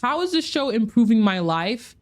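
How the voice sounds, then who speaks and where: A young woman doing a casual commentary vlog, talking in an animated, slangy, exasperated way and laughing often as she recaps a reality show. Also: on the high side, normal speed.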